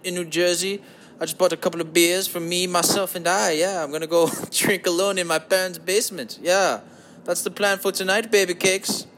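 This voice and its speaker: A man's voice: a little high, fairly bright tone, slight background noise. Man putting on a sleazy crooning German-ish voice. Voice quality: mock German accent. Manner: sleazy crooning, drawn-out, calls listeners baby. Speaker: podcast host. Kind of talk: comedic podcast monologue in a put-on voice. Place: home basement.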